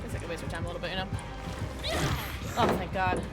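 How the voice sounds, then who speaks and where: A woman streaming a game live, chatting with her viewers in a bubbly, excitable way, sometimes mumbling, sometimes shouting. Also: fairly low pitch, quick pace, over loud music. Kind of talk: live gaming stream chat.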